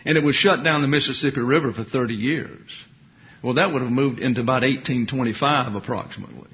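Male lecturer, mid-pitched, opinionated history lesson with casual asides, muffled lo-fi sound. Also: fast talker. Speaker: teacher.

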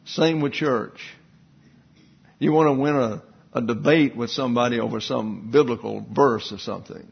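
Husky man preaching a sermon. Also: medium pitch, normal speed, dull audio. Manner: teaching with asides and rhetorical questions. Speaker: pastor.

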